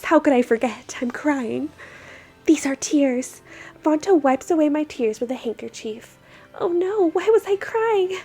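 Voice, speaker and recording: A young woman reading an otome game aloud, reacting in an excitable, giggly way. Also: high voice.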